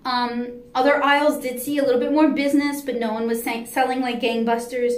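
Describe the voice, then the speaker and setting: A woman's voice: sits high, level tone, fairly quick, slight background noise. A woman comic artist giving a casual, candid vlog recap from her artist alley table. She talks in a chatty way with frequent "um" fillers and sounds tired. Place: artist alley at an indoor anime convention. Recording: echoey hall with a faint crowd.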